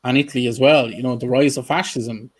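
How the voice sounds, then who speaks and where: A man hosting a casual interview over a video call. He speaks earnestly, often restarting his sentences and filling pauses with "um". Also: mid-range voice, fairly even intonation, breathy edge. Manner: many ums and restarts, earnest. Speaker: host.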